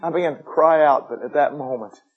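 Husky preacher guy, middle aged, folksy storytelling sermon, a bit high voiced. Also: a little fast, narrow, tinny audio. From United States. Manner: folksy, swings from upbeat jokes to hushed intensity. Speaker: missionary pastor. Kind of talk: sermon with personal stories.

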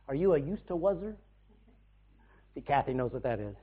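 A man preaching to his congregation in a homespun, folksy way, now rising to a loud burst, now dropping low. His voice sits a little high for a man. The sound is thin and boxy, like it came through a phone. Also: lively intonation, normal speed, pauses often, husky. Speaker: pastor. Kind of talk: sermon. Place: church. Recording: tinny, phone-like band.

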